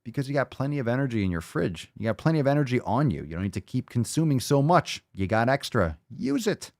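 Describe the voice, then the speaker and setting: A man's voice: medium pitch, animated, fast, darkish tone, dry recording, studio quality. A man hosting a podcast, ranting in blunt, mocking, profane commentary. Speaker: podcast host.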